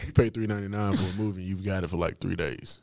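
A man's voice: deep voice, steady tone, racing, creaky, a crowd in the background. A middle-aged man, a teacher with a young daughter, chatting casually and teasing the students.

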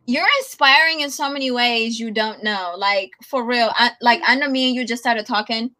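A woman's voice: a little high, normal speed, sharp tone. A young woman guest in a casual chat, affirming and chatty.

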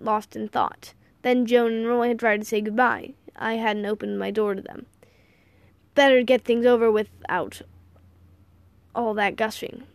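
A woman's voice: fairly high pitch, no echo. A woman narrating a first-person audiobook in a wry, playful storytelling manner.

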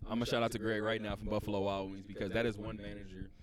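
A man hosting a casual group podcast chat, telling animated stories and acting out the people in them. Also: on the low side, very fast, over a noisy crowd. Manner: animated storyteller, acts out quotes. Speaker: podcast host.

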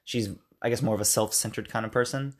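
An American podcast co-host with a lowish voice talks fast in a steady tone during a casual film review chat. He rambles, corrects himself, and acts out lines from the movie.

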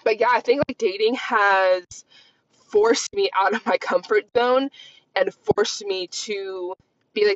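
A woman's voice: medium pitch, takes it slowly, no echo. Woman, 20s, podcast host, casual rambling chat, frequent "like", dry close sound, dull lo-fi audio. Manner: rambling, candid, heavy use of "like". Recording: slightly dull lo-fi recording.

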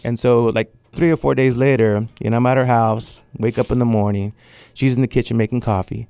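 A middle-aged man from Mexico, an artist telling animated stories in an interview and acting out what others said. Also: mid-range voice, brisk, gravelly, clear, resonant tone, no echo. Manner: animated storyteller acting out quotes. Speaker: artist and guest. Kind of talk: storytelling interview.

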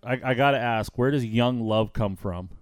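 A man's voice: medium pitch, normal speed, no room sound, clean studio sound. A man hosting a casual podcast interview, chatty and easygoing, laughing often. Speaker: podcast host.

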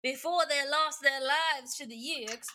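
A woman's voice: sits high, a little slow, pushed and bright, a little hiss or hum. A woman voicing a folksy male alien scientist with a put-on Cajun drawl while reading aloud.

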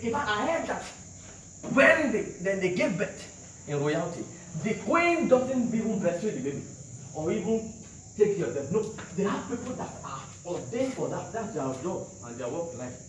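A man's voice: high-pitched, very animated, moderate pace. A man preaching, emphatic and repetitive, quizzing his congregation. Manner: emphatic, repeats lines, questions the congregation. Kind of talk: sermon. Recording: very echoey hall from far off, faint noise.

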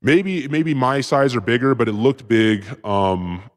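A man telling a story as a podcast guest, rambling and profane, with excited bursts. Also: medium pitch, a little slow. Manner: profane, rambling, with filler words; excited bursts when retelling action. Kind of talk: casual storytelling.

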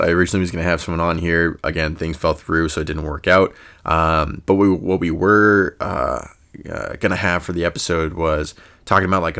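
Low and slightly bright, this young man's voice carries a relaxed one-person podcast. His talk rambles, full of fillers and restarted sentences, punctuated by frequent chuckles and quick impressions.

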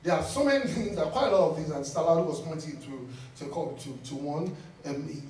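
A man's voice: on the high side, brisk, a little hiss or hum. A man preaching a sermon in a church, repeating key lines for emphasis and laughing as he talks. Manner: animated, repeats phrases for emphasis, laughs while speaking. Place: church hall. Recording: echoey church from a distant mic.

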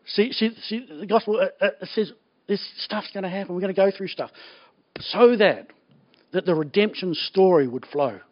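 High-voiced New pastor preaching. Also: male voice, moderate pace. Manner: animated, laughs often, colloquial jokes. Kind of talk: sermon. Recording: dull lo-fi recording.

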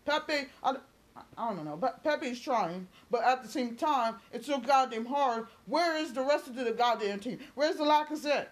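A woman's voice: high voice, expressive, normal speed. A woman sports vlogger doing an angry fan rant, heated and cursing, repeating herself and firing questions at her viewers in slangy talk.

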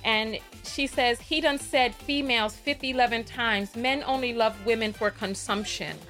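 A woman's voice: on the high side, moderate pace, fairly bright tone, soft background music. A woman with a New York accent hosting a livestream talk show, chatty and sassy, reading out viewer donations and laughing often.

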